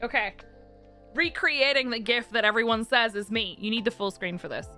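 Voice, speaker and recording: Bubbly woman streamer chatting to chat, high bright voice, bouncy, lots of giggles, soft music behind. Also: moderate pace. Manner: giggly, animated, laughs often; coos in a soft baby voice to her pets. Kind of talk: casual live-stream chat.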